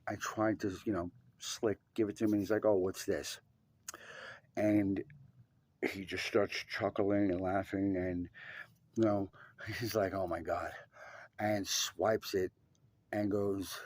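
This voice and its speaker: A man's voice: low voice, a little mellow, slightly rough. A young man telling a rambling, profane personal story with many restarts. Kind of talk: casual storytelling.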